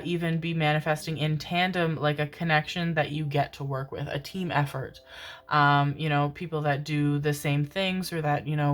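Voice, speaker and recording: A woman giving a casual tarot reading, chatty and self-mocking, often calling her listeners "my darlings" and laughing at herself. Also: deep voice. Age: adult parent. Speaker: tarot reader.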